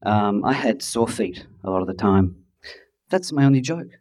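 In an event hall, a middle-aged man from Adelaide, Australia tells his story with wry, self-deprecating humor, tossing in playful impressions and asides. His fairly low voice has lively intonation and a moderate pace, and the very noisy recording carries audience laughter.

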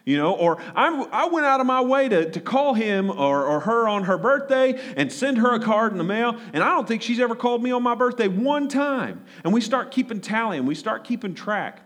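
A man's voice: very high voice, expressive, moderate pace, hardly any pauses, fairly bright tone. A man preaching a conversational sermon, often repeating words and asking the congregation questions. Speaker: pastor.

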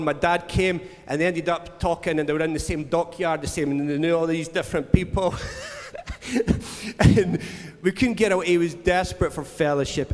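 A pastor with a fairly high voice, preaching in a loose, storytelling way. His words hang in a long hall reverb, and he acts out other people's voices as he goes. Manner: storytelling, acts out voices and laughs between lines. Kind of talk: conversational sermon.

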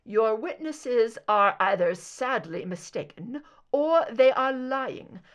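A smooth, lying man , voiced by a woman reader issues formal, measured denials. It is part of an audiobook of fan fiction. The reading keeps a lively pitch. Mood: evasive. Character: evasive older man, smooth liar.

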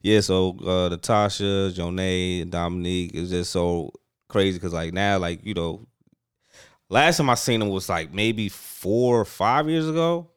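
A man chatting casually in a relaxed, slangy way with many fillers. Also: deep voice, a little slow, smooth, dry recording, studio quality. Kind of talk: casual chat.

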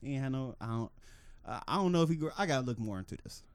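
Lively, animated man. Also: medium pitch, very fast, clear, resonant tone, dry recording. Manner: animated, laughs often, acts out quotes in raised voice. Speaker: podcast co-host. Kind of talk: casual podcast banter.

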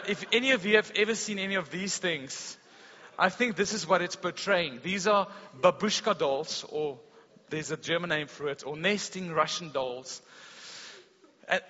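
A man preaching a sermon at a church service, telling stories with a lively delivery that rises loud and drops to a hush. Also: high voice, unhurried. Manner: animated storytelling preacher, swings between loud and hushed. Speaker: pastor. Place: school hall service. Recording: dull long-reverb hall sound.

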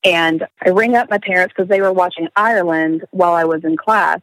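Young woman, casual storyteller, expressive, swears, dry sound. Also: on the low side, fairly quick, no echo, low-quality recording. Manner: animated storyteller, swearing, laughing, acting out quotes. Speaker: guest telling a story. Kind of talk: casual podcast chat.

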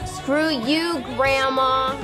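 A young actress playing a flustered, pregnant granddaughter with an exasperated manner, in a film trailer. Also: female voice, high-pitched, steady tone, extremely slow. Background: music.

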